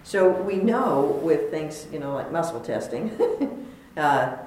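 A woman leading a spiritual question-and-answer session, playful and thoughtful, pausing often with fillers. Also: low-pitched, lively intonation, a little mellow. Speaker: spiritual teacher. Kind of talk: dharma talk Q&A. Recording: echoey hall, faint noise.

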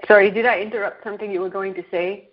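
A woman co-hosting a call-in show, speaking in a thoughtful, measured way. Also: mid-range voice, fairly even intonation, dull audio. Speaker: co-host. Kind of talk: reflective talk show.

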